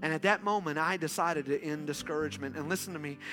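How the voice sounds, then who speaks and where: A man's voice: fairly high pitch, fast talker, few pauses, a bit bright, faint music behind. A man pastor preaching a sermon in an urgent call-and-response style, often pressing his listeners with "come on.".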